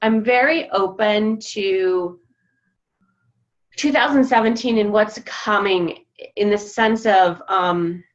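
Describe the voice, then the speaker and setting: A woman sharing her feelings over a group video call, halting and reflective with many pauses and restarts. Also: mid-range voice, dull audio. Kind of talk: casual personal sharing.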